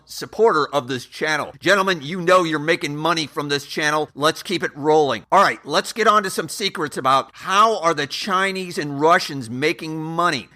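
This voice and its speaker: A man with a bright, forceful voice pitched a little high hosts an investing channel. He talks earnestly and emphatically, stressing his points and calling his listeners gentlemen. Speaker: channel host. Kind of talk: scripted investing talk to camera.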